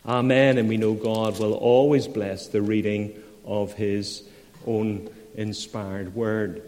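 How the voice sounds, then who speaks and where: A man's voice: lowish voice, little pitch movement, slow pace, a little mellow. A man preaching a sermon as pastor, reading scripture and then explaining it in earnest, rising emphasis. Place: church. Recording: long church reverb.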